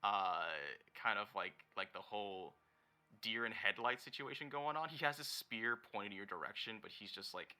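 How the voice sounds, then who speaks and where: Bright-voiced man narrating as game master. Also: fairly low pitch. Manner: halting, rambling, searches for words mid-sentence. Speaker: dungeon master. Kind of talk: improvised tabletop game narration.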